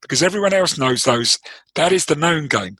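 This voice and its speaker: A man's voice: a little high, lively intonation, a little fast, a bit bright, breathy edge, dry recording, rough recording. A man with a London accent, a trading coach explaining his ideas in an interview, thoughtful and prone to restarting his sentences. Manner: thoughtful, explanatory, with frequent restarts and repeated words. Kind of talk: interview conversation.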